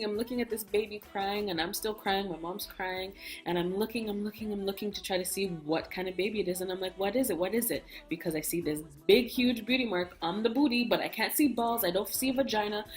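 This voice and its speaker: A young woman vlogger candidly telling a personal story in casual chat, acting out what people said. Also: medium pitch. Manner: candid, animated storytelling, acts out quoted speech. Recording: soft music bed behind.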